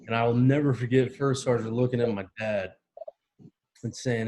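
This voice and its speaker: A man's voice: on the low side, steady tone, moderate pace, pauses often, dark tone. A man, a military veteran guest, telling a heartfelt personal story and acting out the voices and sounds in it. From United States. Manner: vivid storyteller, acts out quoted voices and sounds.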